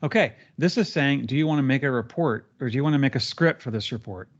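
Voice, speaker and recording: A man talks a trainee through software step by step over a live screen share, easygoing and chatty, using lots of fillers. He speaks quickly at a medium pitch, and the audio is dull.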